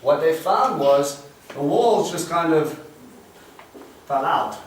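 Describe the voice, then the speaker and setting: A man leads a Bible study in a fairly high voice, explaining Hebrew words and putting questions to his class. He sounds far from the mic in a very echoey room. A faint hiss runs under him. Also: lively intonation, slow. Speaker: Bible teacher.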